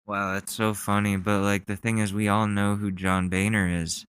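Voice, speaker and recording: A man's voice: lowish voice, level tone, moderate pace, fairly bright tone, clean tone, dry recording. A young man hosting a podcast, rambling in casual, sarcastic commentary with plenty of swearing. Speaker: podcast host.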